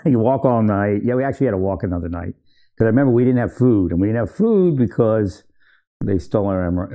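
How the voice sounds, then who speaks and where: A man's voice: low-pitched, mellow. A man casually telling old army training stories, rambling, correcting himself and laughing often. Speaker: military veteran storyteller. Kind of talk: casual storytelling.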